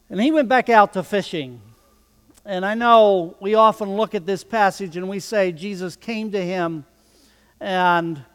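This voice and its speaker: A man with a high voice delivers a sermon at an unhurried pace. He acts out the quoted dialogue and builds in intensity. His voice carries a long reverb, as in a large hall. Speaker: preacher.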